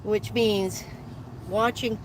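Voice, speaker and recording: A woman's voice: medium pitch, fairly even intonation, extremely slow, slight background noise. An older woman hosting a casual live stream from her van, rambling along and greeting viewers by name.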